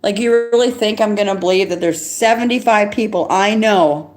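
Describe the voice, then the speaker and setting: A middle-aged woman rambles through a live stream, agitated and quick. She restarts her sentences and laughs between thoughts. Her voice sits at an ordinary pitch for a woman. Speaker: livestreamer.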